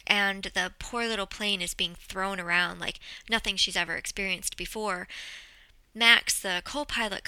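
A woman telling a story in a lively, dramatic way, summarizing a book and then reading from it. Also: medium pitch, dry recording, poor audio. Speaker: book presenter.

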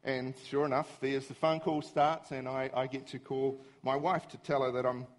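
A middle-aged man giving a humorous, self-mocking storytelling talk to an audience, animated and easily exasperated. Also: medium pitch, normal speed. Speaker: speaker.

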